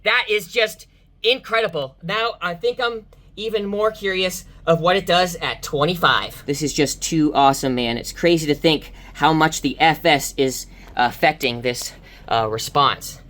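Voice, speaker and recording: A woman vlogging car audio tests from inside a car, excitable and exclaiming to her viewers as she talks through the results. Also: sits low, measured pace. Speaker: car audio enthusiast testing subwoofers. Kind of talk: excited vlog commentary.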